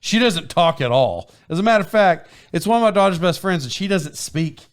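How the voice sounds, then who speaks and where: A man hosting a podcast, telling a story in casual chat, rambling and animated, often laughing and restarting his sentences. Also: high-pitched, brisk, clean tone. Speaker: podcast host. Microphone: microphone with foam windscreen.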